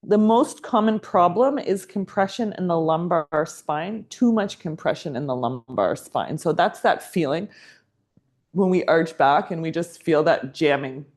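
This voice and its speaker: A woman's voice: on the low side, animated, measured pace, darkish tone. A woman teaching a yoga teacher training class, explaining in a chatty way and laughing often.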